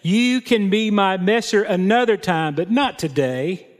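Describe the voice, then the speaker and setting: A man preaching a sermon, reading scripture and adding plain, folksy comments. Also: high voice. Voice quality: unhurried, plain spoken storytelling with folksy asides. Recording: long hall reverb.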